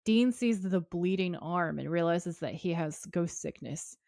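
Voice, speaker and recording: A woman's voice: on the low side, a little slow, vocal fry, dry recording, studio quality. A woman co-hosting a podcast, retelling a TV episode scene by scene in casual chat and acting out the quotes. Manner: animated retelling, acts out quotes. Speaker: podcast co-host.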